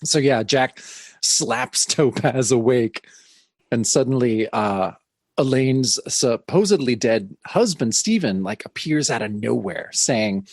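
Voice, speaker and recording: A man co-hosting a podcast who recaps a comic book in an animated way, acting out the dialogue. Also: medium pitch, slow, slightly rough, no echo, studio quality. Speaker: podcast co-host. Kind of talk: casual comic book discussion.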